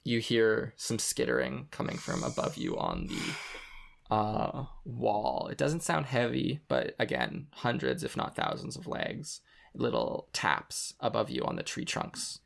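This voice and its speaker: A man narrating as game master of a tabletop game, halting often with ums and likes. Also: fairly low pitch, wildly swooping pitch, vocal fry, fairly bright tone.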